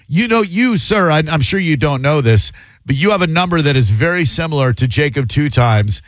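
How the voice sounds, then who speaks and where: A man's voice: fairly high pitch, lively intonation, normal speed, no room sound. A man hosting a call-in radio show, wry and opinionated, holding forth at length.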